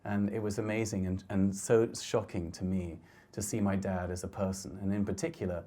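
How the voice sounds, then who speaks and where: A middle-aged man with a low, mellow voice talks through his photographs in a lecture hall. He speaks gently and thoughtfully, often stopping to restart his sentences. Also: little pitch movement, moderate pace. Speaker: photographer giving a talk. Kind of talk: reflective slide talk.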